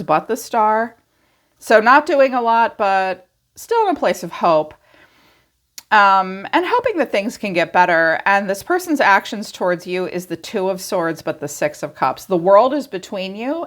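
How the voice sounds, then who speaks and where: A congested woman with a raspy voice, giving a casual tarot reading and musing aloud as she clears her throat now and then. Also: fairly low pitch. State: congested from allergies. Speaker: tarot reader.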